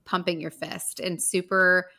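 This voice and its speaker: A woman co-hosting a casual movie podcast, talking eagerly and quickly with many "like" fillers. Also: lowish voice, flat delivery, sharp tone. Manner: eager, fast, full of "like" fillers. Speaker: podcast co-host.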